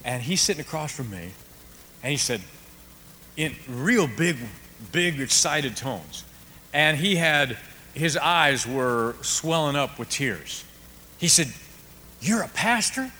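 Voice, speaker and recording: Male pastor, lively storytelling sermon, bright and forceful voice, long hall reverb with faint room noise. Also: medium pitch, takes it slowly, pauses often. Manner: animated storyteller, swings from hushed to shouting.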